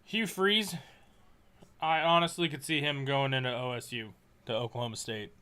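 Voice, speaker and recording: A man's voice: medium pitch, steady tone, moderate pace, bright, forceful tone, clear, resonant tone. Blunt man signing off a sports show. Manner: blunt opinions, stumbling through sign-off. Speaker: co-host. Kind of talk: casual sports chat with show sign-off.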